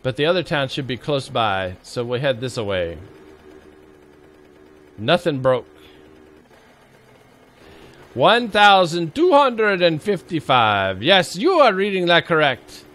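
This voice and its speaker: A man's voice: fairly high pitch, sing-song, slow, pauses often, a bit bright. A man giving jokey, casual commentary while livestreaming a survival game, bantering with his chat. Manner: playful, jokey, talks to chat and to the zombies. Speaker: game streamer. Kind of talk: casual live gameplay commentary.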